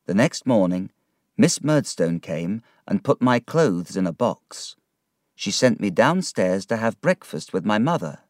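A man reading a story aloud as narrator, slow and gentle. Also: low-pitched, lively intonation, no echo, clean studio sound.

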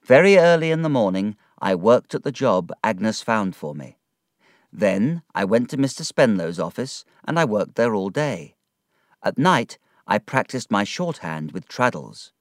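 Slow, expressive male storybook narrator. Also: fairly low pitch, no echo, studio quality.

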